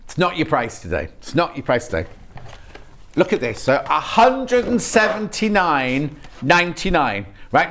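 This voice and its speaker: A man's voice: high-pitched, background noise. A British man presenting products on a live shopping channel in a TV studio, chatty and rambling, with frequent restarts.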